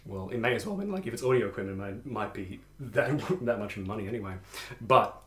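A young man telling a story in casual podcast chat, animated and laughing, with many restarts. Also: lowish voice, fast talker. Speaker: podcast co-host. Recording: echoey room.

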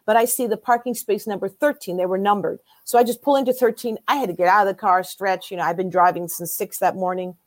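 Animated woman in her sixties telling a story. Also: medium pitch, quick pace, hardly any pauses, dry recording. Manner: lively storyteller who acts out quoted voices. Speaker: interview guest. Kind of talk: storytelling interview.

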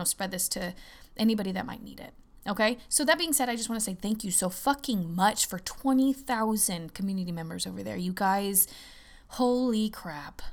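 A young woman hosting her own podcast, chatting casually and excitedly, talking fast and cursing often. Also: medium pitch. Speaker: podcast host. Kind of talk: casual solo podcast chat.

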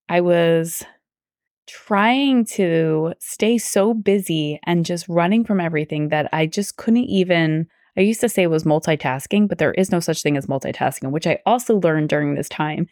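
A woman's voice: on the low side, normal speed, a little mellow, dry recording, clean studio sound. A young adult woman hosting a personal faith podcast, telling her story earnestly and drifting into tangents as she quotes her own past thoughts. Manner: earnest, tangent-prone, quotes herself aloud. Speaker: podcast host; teacher.

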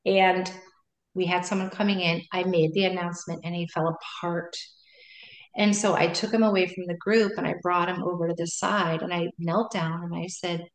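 A woman's voice: fairly low pitch, steady tone, moderate pace. A middle-aged woman, a meditation and yoga teacher, chatting casually as a guest in loose, trailing sentences full of restarts. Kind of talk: casual interview chat. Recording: roomy echo.

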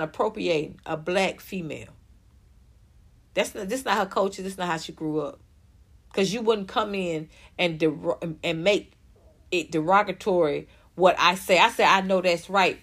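A woman's voice: mid-range voice, fairly bright tone. A young woman giving heated, profane reaction commentary, scornful and ranting. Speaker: commentary vlogger.

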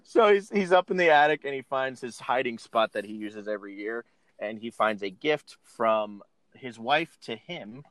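A man's voice: medium pitch, animated, normal speed, a bit bright, dry recording. A man casually retelling a film scene by scene, laughing often and acting out the characters' lines. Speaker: podcast co-host recapping a film. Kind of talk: casual chat.

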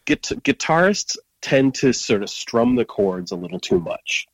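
A man's voice: medium pitch, big pitch swings, a little slow, dry recording, poor audio. A man guest-hosting a music podcast, talking eagerly and searching for words as he describes songs. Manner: enthusiastic, searching for words, many restarts. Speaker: guest co-host. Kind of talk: casual music chat.

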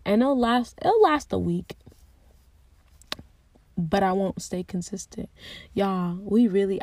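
A young woman speaking candidly and earnestly about her faith, thinking aloud with restarts and soft asides. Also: mid-range voice, animated, slow pace, pauses often, no echo. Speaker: Christian speaker sharing personal reflections. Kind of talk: candid personal reflection.

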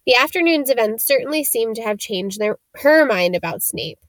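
A woman reading a novel chapter aloud in a steady storytelling manner. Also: fairly high pitch, normal speed, dry recording. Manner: steady storytelling, shifting into character voices. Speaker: audiobook reader.

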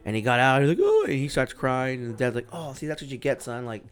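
A man's voice: mid-range voice, fast. A man in his thirties chats on a podcast, telling a story in a loose, profane way. He acts out the lines of the people in it, and his voice swings up and down between them. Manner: animated storyteller, swears a lot, acts out quotes. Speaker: podcast host. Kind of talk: casual chat.

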